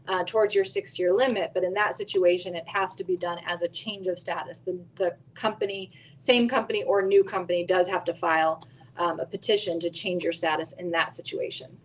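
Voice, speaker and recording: A woman co-hosting a live Q&A show, explaining answers clearly and step by step. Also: fairly low pitch, slight background noise, low-quality recording. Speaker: immigration attorney and co-host.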